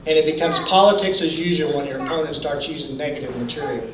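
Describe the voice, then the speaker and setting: A man giving a folksy motivational speech at a campaign training event. He often restarts his sentences and clears his throat. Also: on the high side, steady tone, fast, background noise. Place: event hall. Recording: echoey hall from far off.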